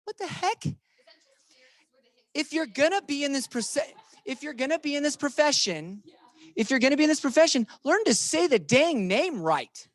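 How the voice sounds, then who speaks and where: A man's voice: very high voice, very animated, moderate pace, no echo, clean studio sound. A man leading a real estate training session, playful and emphatic, talking to the room and to viewers online.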